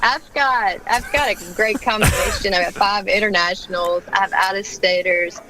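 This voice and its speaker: A woman's voice: medium pitch, normal speed, background noise. A middle-aged woman basketball coach with a Southern accent, chatting and laughing as a radio guest. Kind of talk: casual radio interview chat.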